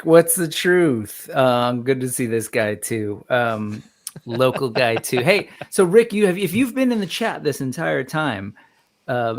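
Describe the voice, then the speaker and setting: A man in his forties hosts a relaxed livestream, his voice carrying a gravelly edge. He chats easily and keeps breaking off to greet viewers and read their comments aloud. His pitch sits in an ordinary middle range. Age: 40s. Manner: chatty, reads out and greets viewers from the live chat. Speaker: host. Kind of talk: casual livestream chat.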